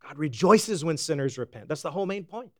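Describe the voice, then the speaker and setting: A man preaching a sermon, folksy and animated, swinging from loud exclamations to hushed emphasis. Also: on the high side, brisk, dry recording, studio quality. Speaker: pastor.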